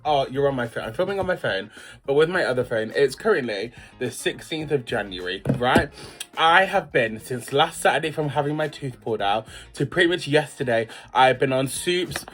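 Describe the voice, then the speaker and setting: A man's voice: medium pitch, animated, moderate pace, a bit bright, soft background music. Chatty guy telling a story. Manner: chatty, slangy, dramatic retelling. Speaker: vlogger. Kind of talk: casual storytime chat.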